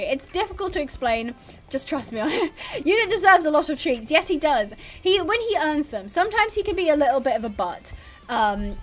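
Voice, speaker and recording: A woman's voice: sits high, a bit bright. A young woman hosting a casual livestream, rambling chattily, reading out chat messages and laughing often. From born abroad on a military base, British. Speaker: livestream host.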